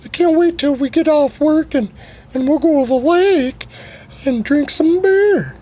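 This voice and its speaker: A man voicing a shrill, hot-tempered male drinking buddy who shrieks crude insults. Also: unhurried, mellow. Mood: eager.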